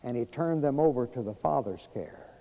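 A man preaches a storytelling sermon, folksy and unhurried, with many pauses and fillers. His voice is dark and mellow. A long church-hall reverb trails after each phrase. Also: medium pitch, expressive, vocal fry. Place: church sanctuary.

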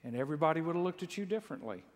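A pastor from Mississippi preaches in a high voice, spinning folksy, funny stories that swell into loud exclaims. His words ring out with a long reverb, as in a large church sanctuary. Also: lively intonation, racing. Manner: folksy storytelling with humor, builds to loud exclaims. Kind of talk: sermon. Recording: long echo of a large hall.

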